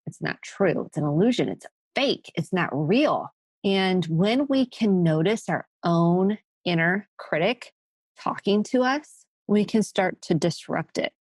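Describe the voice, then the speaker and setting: Woman therapist doing a solo podcast, kinda low voice, earnest and emphatic, dry close sound. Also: no echo. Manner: earnest, emphatic, acts out quoted phrases.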